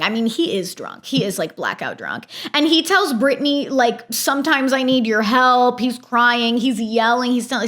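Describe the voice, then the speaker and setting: A woman's voice: on the high side, a bit bright. A young woman recapping a reality show episode in a chatty, opinionated way, acting out quotes as she goes.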